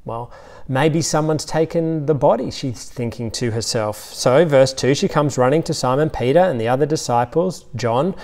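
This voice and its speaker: A man with an Australian accent preaching an Easter sermon, retelling scenes with lively storytelling asides. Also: mid-range voice, moderate pace. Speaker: pastor.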